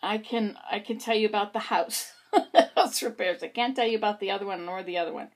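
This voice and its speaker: A woman rambles casually to her camera, which faces her like a mirror, wandering between topics and murmuring small asides to herself. She talks fairly quickly in a mid-range voice.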